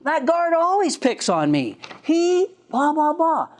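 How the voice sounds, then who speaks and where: A man's voice: very high-pitched, wildly swooping pitch, normal speed, darkish tone, in a large hall, voice pushed up, full character voice. A man voicing a furious, troubled male prisoner who rants and then pleads. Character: angry, tearful grown man prisoner.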